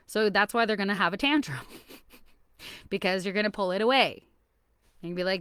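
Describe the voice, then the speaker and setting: A woman's voice: medium pitch, moderate pace, pauses often, fairly bright tone, clean tone, no echo, clean studio sound. A woman, a parent, talking casually to her viewers about relationships, laughing often and acting out little scenes as she explains. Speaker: vlogger giving relationship advice. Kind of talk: casual advice talk to camera.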